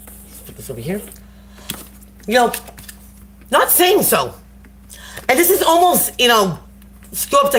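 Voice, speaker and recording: A woman's voice: mid-range voice, a bit bright. Brief: woman tarot reader streaming live on a phone, chatty, slangy, faint background noise. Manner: casual, slangy, encouraging. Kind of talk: live tarot reading to viewers.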